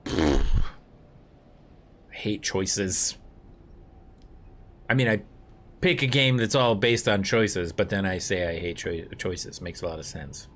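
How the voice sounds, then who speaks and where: A man's voice: deep voice, slow, long pauses, fairly bright tone. A man casually commentating a story game live, chatting with viewers and giggling at his own slips. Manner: chatty, rambling, giggly asides to chat. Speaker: streamer.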